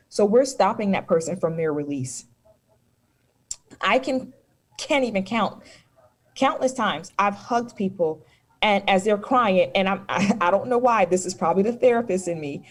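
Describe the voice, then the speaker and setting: A woman's voice: mid-range voice, animated, moderate pace. A woman speaking as a guest in a casual discussion on mental health, explaining her points through stories and examples. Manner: storytelling, reassuring, explanatory.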